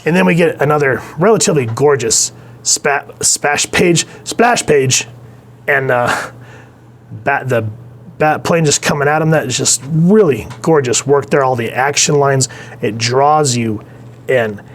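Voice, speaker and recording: A man's voice: mid-range voice, measured pace. A young man casually reviewing a comic book, talking with enthusiasm and rambling on with fillers.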